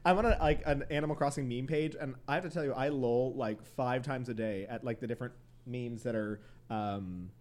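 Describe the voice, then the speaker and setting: A man's voice: mid-range voice, a little fast, darkish tone. A man co-hosting a podcast in casual chat, giggly and full of "like" and "um". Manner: giggly, filler-heavy, says "like" a lot. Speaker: podcast co-host.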